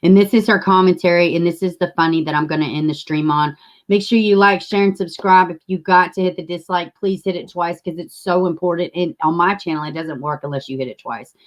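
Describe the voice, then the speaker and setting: Woman, livestream host, low-pitched, rambling and chatty, swears freely. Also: fairly even intonation, a little fast. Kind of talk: casual livestream chat.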